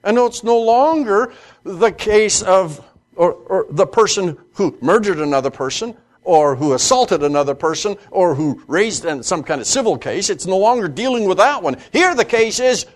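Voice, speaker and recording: A man giving a classroom Bible lecture, halting with fillers and restarts, reading scripture aloud slowly with emphasis. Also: high-pitched, animated.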